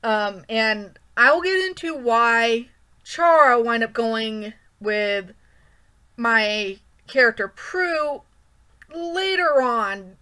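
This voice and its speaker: Slow, rambling young-sounding woman. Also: on the high side, bright, forceful tone. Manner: rambling, hesitant, frequent ums and restarts. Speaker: art channel creator. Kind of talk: casual drawing commentary.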